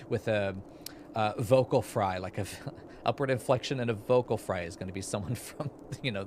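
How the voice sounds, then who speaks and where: A man's voice: fairly low pitch, noisy background. A young man chatting casually as he reacts to a game, rambling through thoughts with plenty of asides. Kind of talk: casual commentary.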